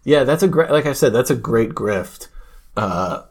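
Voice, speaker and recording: A man's voice: mid-range voice, animated, a little slow, creaky. A man telling stories and arguing in a casual podcast chat, rambling with restarts and laughter.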